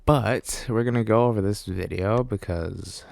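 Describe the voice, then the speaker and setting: A man's voice: lowish voice, measured pace, gravelly, a little mellow. A man giving a rambling, self-correcting voice-over commentary on his gameplay, speaking offhand as a gaming channel host. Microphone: desktop mic.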